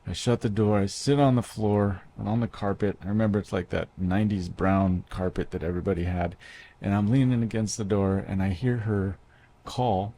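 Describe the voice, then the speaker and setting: A man's voice: lowish voice, warm tone, slight background noise. A man in his thirties telling a personal story to an audience in a conversational way, with many fillers and restarts. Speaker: speaker.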